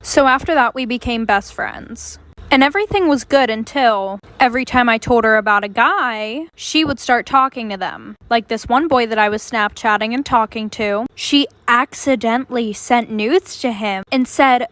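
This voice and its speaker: A woman's voice: a little high, moderate pace, a bit bright, no room sound, rough recording. A young woman casually telling a story about a friend, a little exasperated.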